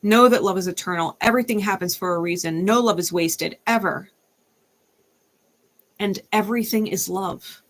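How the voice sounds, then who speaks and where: A woman's voice: mid-range voice, moderate pace. A young adult woman, a tarot reader, ranting in a blunt, fired-up way and swearing freely. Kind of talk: unscripted ranting monologue.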